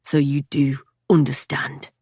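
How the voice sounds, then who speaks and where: Woman reader doing brooding young man, low murmur, dry close mic. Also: little pitch movement, takes it slowly, breathy edge, no echo, exaggerated voice. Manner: low, hushed, half-whispered. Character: brooding gruff young man, wry and menacing.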